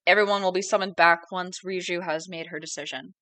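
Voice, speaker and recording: A woman running a tabletop game as game master, giving brisk, matter-of-fact rulings and calls for dice checks. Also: lowish voice, fairly even intonation, pushed and bright.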